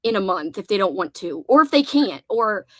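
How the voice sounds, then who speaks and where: A woman's voice: mid-range voice, very animated, moderate pace, no room sound. A young woman hosting a casual livestream, chatty and giggly, reading out chat messages and laughing often. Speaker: livestream host.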